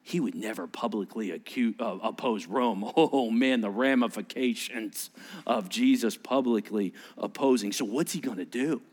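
A male pastor delivering a sermon, animated and joking, acting out little voices and sarcastic asides. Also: lowish voice, normal speed.

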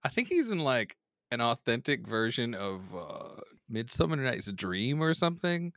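A man's voice: medium pitch, sing-song, moderate pace, a bit bright, dry recording, studio quality. A man on a movie podcast panel, giving wry, laid-back commentary. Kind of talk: casual movie podcast chat.

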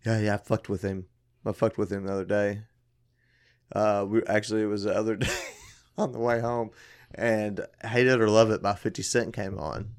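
A man chatting casually with friends on a podcast, laughing loudly and often and swearing freely as he tells a family story. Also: lowish voice, level tone, normal speed. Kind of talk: casual chat among friends.

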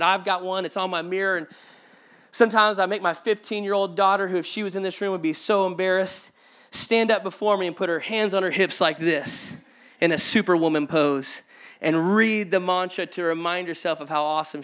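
A male pastor in his forties preaching an energetic sermon to a congregation in a church auditorium. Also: high voice, clear, resonant tone.

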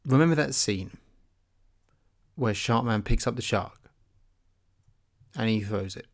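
A young man co-hosting a comedy podcast, talking in a dry, deadpan, meandering way. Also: mid-range voice, slow, pauses often. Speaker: podcast co-host.

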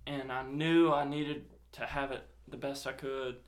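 A man's voice: medium pitch, unhurried. A young man casually telling a personal story, swearing often and acting out quoted dialogue. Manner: swears a lot, animated retelling with quoted dialogue.

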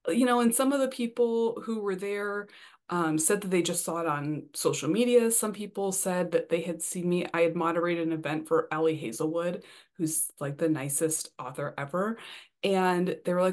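A young adult woman, a debut romance author, chatting excitedly as a podcast guest, laughing often and filling pauses with "um" and "you know.". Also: on the low side. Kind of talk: casual interview chat.

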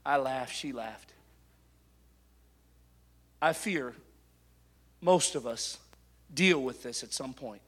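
A middle-aged male preacher delivering a sermon, moving between quiet personal storytelling and loud, impassioned exhortation. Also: mid-range voice, takes it slowly, long pauses.

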